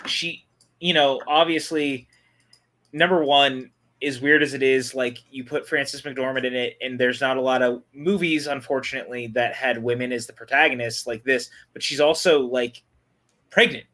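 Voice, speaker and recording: A man's voice: mid-range voice, fairly even intonation, normal speed, bright, forceful tone. A man co-hosting a casual movie watch-along, chatting enthusiastically about the film. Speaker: podcast co-host.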